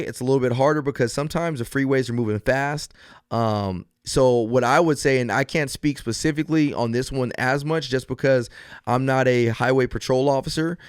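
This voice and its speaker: A police officer going solo on his podcast gives advice in careful steps, sincere in manner, with many false starts and fillers. His mid-range voice has a clean tone, and the studio recording is free of echo.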